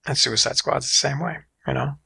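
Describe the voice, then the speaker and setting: A man chatting loosely about superhero movies, his voice heavily gravelly with a bright, forward edge. He talks in an animated, profane way and keeps slipping into quick acted-out reactions. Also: mid-range voice. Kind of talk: casual film discussion.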